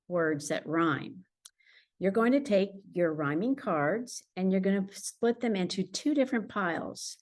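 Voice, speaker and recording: A woman teacher with a lowish voice explains reading games to parents at home. She's patient and clear, slowing down to model words the way she would for a child, in an instructional talk for the parents.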